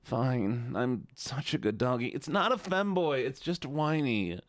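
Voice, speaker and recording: A man's voice: mid-range voice, animated, measured pace, pitched above the performer's own voice, close to an everyday voice. A man putting on a silly, whiny voice for his stream viewers. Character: whiny complaining young man voice.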